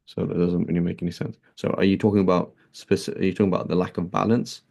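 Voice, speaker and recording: A man's voice: low-pitched, flat delivery, fast, gravelly, darkish tone. A man teaching a conversational religious lesson, explaining points and often checking in with a rhetorical "right?", with Arabic terms mixed into his English. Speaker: Islamic teacher.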